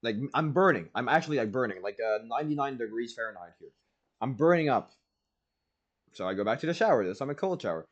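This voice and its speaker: A young man streaming, telling a story casually and animatedly, jumping between loud bursts and low asides, full of "like". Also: animated, fast, lo-fi sound. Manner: casual, peppered with "like" and "blah, blah".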